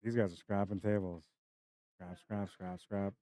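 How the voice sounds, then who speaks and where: A man's voice: on the low side, flat delivery, a little slow, warm tone, no echo. A young man giving casual live-stream commentary on a pool match, chatty and laughing as he greets viewers by name. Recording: dry, slightly dull stream audio.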